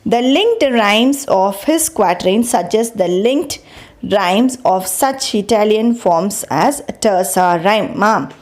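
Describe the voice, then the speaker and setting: A woman's voice: mid-range voice, lively intonation, slow, a little mellow. A woman teaching a literature lesson, explaining step by step, repeating points and restarting her sentences. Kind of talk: recorded lecture.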